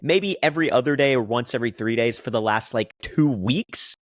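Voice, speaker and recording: A man's voice: mid-range voice, a little fast, no room sound. A man in his late twenties co-hosting a podcast, chatting casually with lots of fillers and defensive banter. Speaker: podcast co-host. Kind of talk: casual chat.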